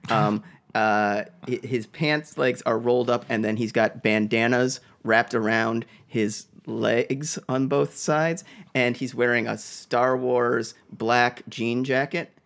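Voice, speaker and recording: Gravelly man telling a rambling story. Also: mid-range voice, steady tone, takes it slowly, a bit bright. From Boston, USA. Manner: rambling, hesitant, full of "like" and "um". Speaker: podcast co-host. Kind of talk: casual chat, rambling storytelling.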